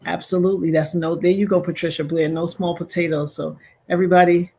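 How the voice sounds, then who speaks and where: A woman with a husky, somewhat breathy voice hosts a casual livestream. She talks straight to her viewers, rallying them to leave likes. She speaks in an effusive, churchy way, praising God. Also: lowish voice, flat delivery, brisk, mellow. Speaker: livestream host.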